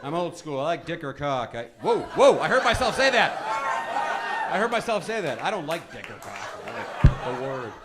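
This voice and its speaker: A man performs a stand-up set in a comedy club, his slightly high voice rising and falling widely as he rambles in a deadpan way. He speaks into a handheld stage mic. Clear club noise runs under the live recording. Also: moderate pace, a loud crowd. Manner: deadpan, rambling, lively swings in pitch.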